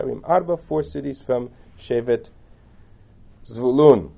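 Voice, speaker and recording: A man teaches a scripture lesson, reading each verse aloud and then translating it line by line. His voice is warm and mellow and swings lively up and down in pitch. The recording sounds dull and muffled. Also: moderate pace. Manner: chatty asides and rhetorical questions. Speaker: Torah teacher. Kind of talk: lecture on a biblical text.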